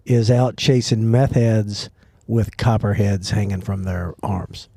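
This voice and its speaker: A man hosts a podcast in a casual, wry, questioning way, sitting outside at a truck stop. His tone is mellow and relaxed and his pitch is mid-range, with a dry, close sound. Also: slow, creaky, no room sound. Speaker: podcast host. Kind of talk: casual chat.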